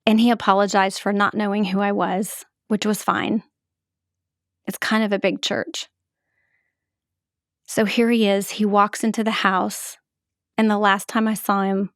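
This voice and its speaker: A middle-aged woman telling her own story as a podcast host, in a measured, halting, emotional way. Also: mid-range voice, flat delivery, dry recording, studio quality. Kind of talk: reflective personal storytelling.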